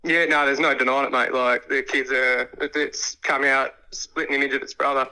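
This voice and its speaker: A man, calm and easygoing on a phone call. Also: medium pitch, moderate pace. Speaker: prank call target. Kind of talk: phone conversation.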